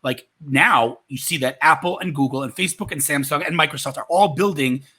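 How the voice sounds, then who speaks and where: A man with a quick, energetic delivery and a bright, forceful tone, audibly husky around the edges. He talks as an enthusiastic podcast guest in a lively back-and-forth. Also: a little high. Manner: animated, enthusiastic storyteller. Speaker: podcast guest, tech marketer. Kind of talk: conversational interview.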